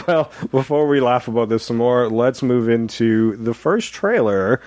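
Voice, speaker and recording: A man talks film in a loose, joking podcast chat, laughing often and reaching for crude gags. His voice sits at a middling pitch. He is recorded close on a dry mic. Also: expressive, unhurried, darkish tone, no room sound. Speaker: podcast co-host. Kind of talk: casual movie-discussion chat.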